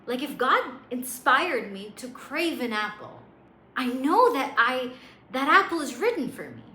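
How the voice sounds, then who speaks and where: A woman giving a motivational faith talk as a spiritual coach, casual and slangy, telling an animated story. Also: sits high, a little slow. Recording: roomy echo, faint hiss.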